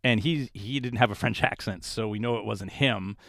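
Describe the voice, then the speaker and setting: A man, a paranormal investigator being interviewed, telling stories in a casual, animated way and acting out the voices of people he quotes. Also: on the low side, normal speed, gravelly, no echo, studio quality.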